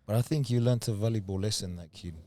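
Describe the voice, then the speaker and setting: Young man from New Zealand, interview guest, soft-spoken, low warm voice. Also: fast. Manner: soft-spoken, relaxed storyteller. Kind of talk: casual storytelling.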